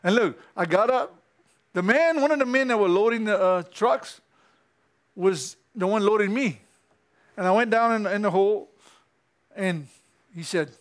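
A male preacher, giving an animated sermon in church that climbs to excited peaks. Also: sits high, a little slow, pauses often.

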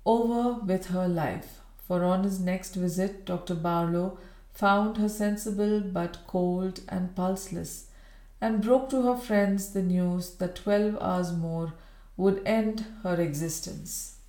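A woman reading a novel aloud in steady, measured storybook narration. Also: fairly low pitch. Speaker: audiobook reader. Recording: roomy echo.

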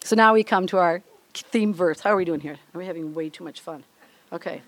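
A woman's voice: fairly low pitch, a little fast. An older woman from Minnesota, giving a chatty, candid devotional talk to a women's group, laughing often and acting out little everyday scenes. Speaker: women's ministry speaker.

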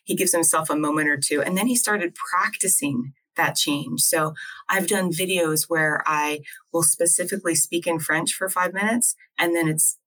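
The audio is poor as a New Jersey acupuncturist co-hosts a relaxed video chat. She speaks at a moderate pace in a lowish, slightly bright voice, meandering and often starting her sentences over.

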